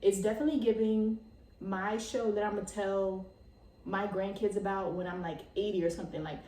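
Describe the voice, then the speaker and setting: A young woman in her twenties hosting her own podcast, excitable and chatty, full of "like" and laughs. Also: mid-range voice, moderate pace, reverberant, distant mic. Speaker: podcast host. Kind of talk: casual chat.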